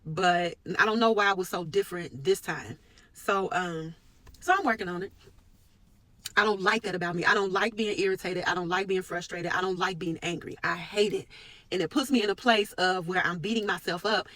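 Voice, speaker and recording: A woman talking earnestly about her work and her faith in a personal vlog, with sudden lifts in pitch and force. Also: a little fast, pushed and bright, dry recording, rough recording. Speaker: medical worker sharing a personal reflection.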